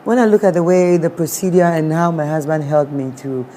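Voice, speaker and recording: Woman, Ghanaian accent, lowish mellow voice, animated storytelling, acts out dialogue. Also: brisk, a little hiss or hum. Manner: animated, acts out quoted dialogue, mixes in Twi words. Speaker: guest. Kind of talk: emotional personal storytelling.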